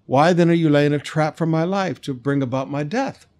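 A man's voice: on the high side, moderate pace, a little mellow, natural voice. Man reading a fearful, pleading woman medium, read plainly.

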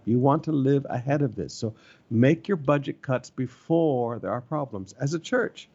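A middle-aged pastor preaches a sermon to his church with earnest urgency, returning again and again to his key phrases. His mid-pitched voice is gravelly yet warm, and the recording is slightly muffled and lo-fi.

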